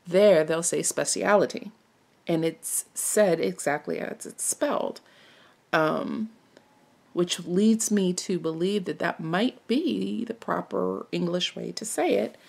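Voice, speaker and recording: A woman's voice: lowish voice, animated, slow, creaky, darkish tone. A woman from Maryland chatting casually while she stitches, rambling and musing aloud with lots of self-questions. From Maryland, United States. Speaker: cross-stitch vlogger.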